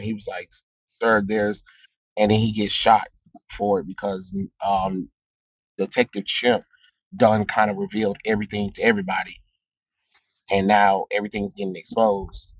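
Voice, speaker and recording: Male comic reviewer, low register, loose and chatty with plenty of filler, dry close-miked sound. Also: dry recording, poor audio. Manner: rambling with frequent ums, chuckles at his own jokes. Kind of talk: casual comic recap.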